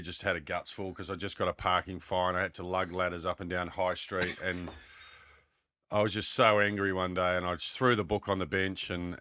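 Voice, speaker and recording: Deep-voiced Australian man, bright tone. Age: middle-aged. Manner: relaxed storytelling with dry humour. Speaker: podcast guest. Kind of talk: casual chat.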